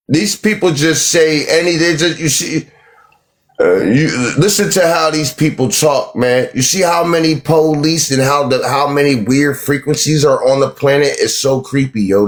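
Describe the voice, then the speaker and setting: A man hosting a live stream, talking down to callers in a combative, lecturing way and repeating his points. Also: a little high. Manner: dismissive, lecturing, repeats himself. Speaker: livestream host.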